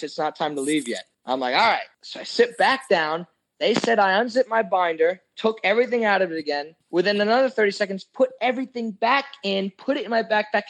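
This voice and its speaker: A man's voice: sits high, fairly bright tone, rough recording. A young man in casual podcast chat, telling a long story with swearing and jokes, acting out his friends' lines. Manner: profane, joking, acts out quoted friends.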